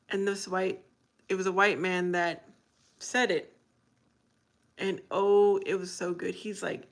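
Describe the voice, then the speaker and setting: A woman's voice: mid-range voice, little pitch movement, slow pace, long pauses. A woman hosting a casual livestream, chatting with viewers, reading their comments aloud and laughing often. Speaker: livestream host.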